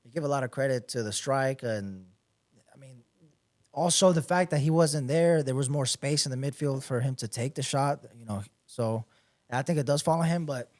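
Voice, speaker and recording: A man's voice: medium pitch, normal speed, a little mellow. A man co-hosting a sports podcast, laid-back and agreeable in casual chat. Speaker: podcast co-host.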